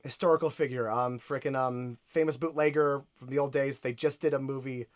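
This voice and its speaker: A man's voice: mid-range voice, steady tone, a little fast. A man co-hosting a casual podcast, eager and rambling, often searching for words. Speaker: podcast co-host.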